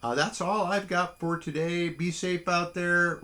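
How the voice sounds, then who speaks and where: A man's voice: sits high, fairly even intonation, unhurried, hardly any pauses, sharp tone. A middle-aged man hosting a casual solo podcast, rambling and self-deprecating with lots of fillers. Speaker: podcast host. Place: small home studio.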